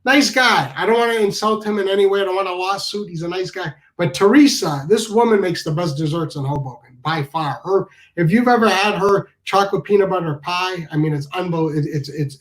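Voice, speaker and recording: A man's voice: high-pitched, rough recording. A man from the New telling a rambling, casual comic story, full of restarts and asides.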